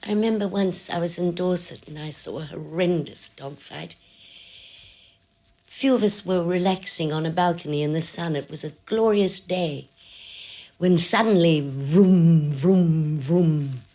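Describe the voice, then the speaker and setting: A slow-spoken frail old woman. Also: lowish voice. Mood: vivid recollection. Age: older. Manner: slow, measured, quietly insistent. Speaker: caller to a radio show. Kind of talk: film drama acting.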